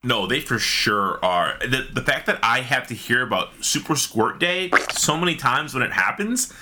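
Animated, bright-voiced man in casual chat. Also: mid-range voice, moderate pace. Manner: animated, swearing, eating while talking. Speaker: podcast co-host.

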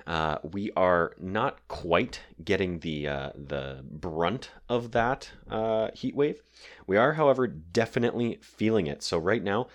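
A man with a sore throat hosting a casual solo podcast from his home basement, rambling with lots of fillers and digressions. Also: deep voice. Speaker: podcast host.

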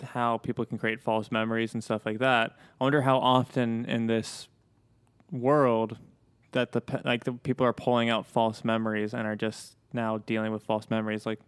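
A man's voice: medium pitch, little pitch movement, moderate pace, clear, resonant tone, no echo. A man co-hosting a podcast in casual chat, joking and swearing freely. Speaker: podcast co-host and editor.

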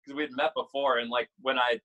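Guest musician, male, forties: bright, forceful voice, casual storyteller who swears and laughs a lot. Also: medium pitch, fast talker, highs cut off. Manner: animated, swears freely, laughs often.

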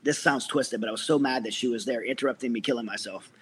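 A man's voice: mid-range voice, quick pace, a bit bright, slight background noise. A middle-aged man, a military veteran, earnestly telling his personal story as an interview guest, with many restarts.

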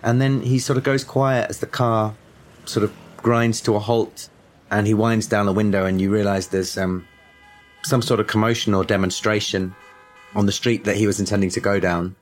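A man's voice: lowish voice, steady tone, moderate pace. Hesitant man narrating a game. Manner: hesitant, many ums and uhs. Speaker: game master.

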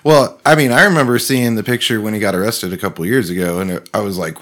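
A man's voice: lowish voice, animated, quick pace, a bit bright. A man rambling in casual chat among friends, swearing offhandedly.

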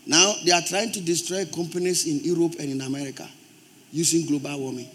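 A Ghanaian-accented male pastor delivers a sermon in church with a notably high voice. He preaches emphatically, pressing his points and swelling into loud, forceful bursts. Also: fairly even intonation, brisk, slight background noise. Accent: Ghanaian English.

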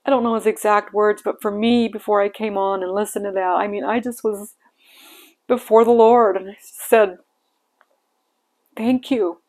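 A woman's voice: mid-range voice, steady tone, moderate pace, darkish tone. An older woman hosting a devotional podcast, sharing a heartfelt personal reflection on scripture with sighs and emotion in her voice.

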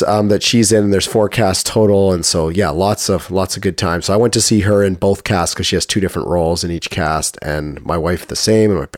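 Man, middle-aged, deep low voice, dry sound, casual halting chat, suppressing a cough. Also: no room sound. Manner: easygoing, halting, restarts often. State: fighting a cough. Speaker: podcast co-host. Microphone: studio microphone.

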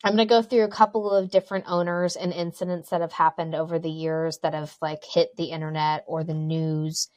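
A woman's voice: deep voice, level tone, brisk, few pauses, darkish tone, no echo. Chatty woman storytelling, dry close sound. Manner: chatty, jokey asides, frequent ums. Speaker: podcast co-host telling a haunted-house story. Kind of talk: casual chat with storytelling and read-aloud news article.

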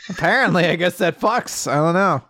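A man's voice: high voice, animated, normal speed, bright, forceful tone, no echo. A man co-hosting a podcast, chatting casually about manga in a joking, offhand way and swearing freely. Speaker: podcast co-host.

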